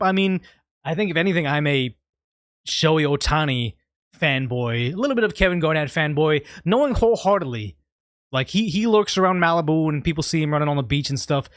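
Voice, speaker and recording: A man's voice: a little high, fairly bright tone, dry recording, clean studio sound. A man hosting a casual livestream, rambling through tangents and reading out viewer super chats. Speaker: livestream host.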